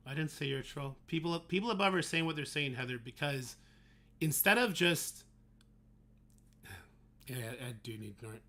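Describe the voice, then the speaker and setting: A man's voice: a little high, expressive, normal speed, pauses often, sharp tone. A man streaming a game live and talking to his chat in an exasperated rant, swearing heavily. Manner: exasperated ranting, heavy swearing. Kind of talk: livestream talk to chat.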